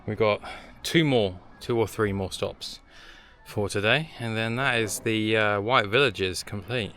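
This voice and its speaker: A man's voice: fairly low pitch, a little slow, sharp tone. A young man vlogging outdoors as he walks around hilltop villages, chatting casually with rambling, jokey asides. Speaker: travel vlogger. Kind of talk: casual travel vlog narration.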